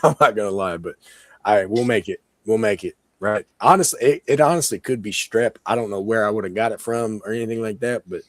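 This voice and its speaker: A man talks in a low, hoarse, worn-out voice, as if fighting a sore throat. He rambles casually with lots of fillers as co-host of a streamed chat. The sound is dry and close. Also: fairly quick, fairly bright tone, dry recording. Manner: rambling, chatty, many "like" fillers and laughs. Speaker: podcast co-host.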